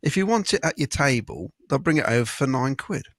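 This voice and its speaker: A man's voice: mid-range voice, expressive, brisk, dry recording, studio quality. A man hosting a casual football fan podcast, chatting, laughing often and reading out viewer messages.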